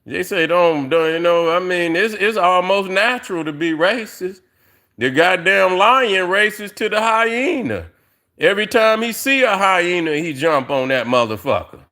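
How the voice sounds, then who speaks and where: A man's voice: high-pitched, animated, unhurried, pushed and bright. A middle-aged man ranting on a casual livestream, profane and rambling, with lots of fillers, talking straight to his viewers. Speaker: livestream host.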